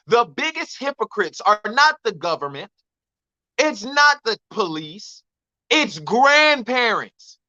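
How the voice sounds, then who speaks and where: A man telling a comic story on a radio talk show, animated and emphatic, repeating his denials. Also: very high voice, slow pace, dry recording, highs cut off. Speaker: comedian guest. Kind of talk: storytelling stand-up chat.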